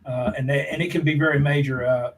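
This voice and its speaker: On a rough recording, a man with a mid-range voice talks fast in a steady tone. He co-hosts a prepping channel's casual live-stream chat, folksy and jokey, calling people "brother."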